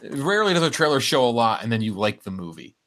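A man's voice: medium pitch, sing-song, quick pace, fairly bright tone. A man co-hosting a podcast in casual chat, rambling along with frequent fillers and restarts. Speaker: podcast co-host.

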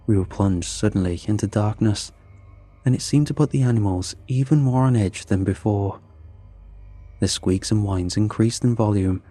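A man narrating a scripted horror story in a measured, suspenseful way. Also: lowish voice, warm tone.

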